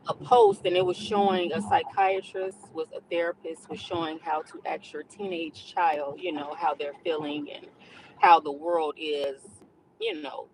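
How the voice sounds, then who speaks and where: A middle-aged woman chatting candidly while driving her car, venting loudly at other drivers and talking about her day. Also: sits low, background noise. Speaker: vlogger. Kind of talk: casual chat while driving.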